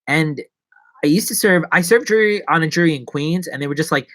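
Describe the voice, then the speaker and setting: A man's voice: expressive, fairly quick, bright, forceful tone. A man chatting casually and rambling playfully on a solo livestream. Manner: rambling, playful, drops to whispers and jumps to squeaky voices. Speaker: livestreaming vlogger.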